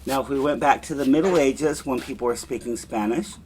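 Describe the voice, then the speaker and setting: A man teaching a Spanish class, slowly repeating verb forms for students to echo. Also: mid-range voice, darkish tone, a little hiss or hum. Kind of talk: classroom lesson with drills.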